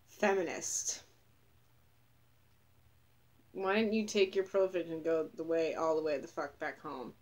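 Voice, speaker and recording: A woman's voice: lowish voice, darkish tone. A young woman ranting in a casual vlog, profane, sarcastic and scornful as she recounts what she saw. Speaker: vlogger.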